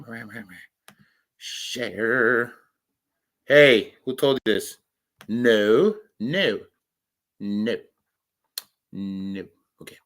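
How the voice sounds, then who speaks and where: A man chatting casually to viewers on his livestream, joking and rambling, laughing often and swinging between loud outbursts and low mutters. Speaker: livestream host.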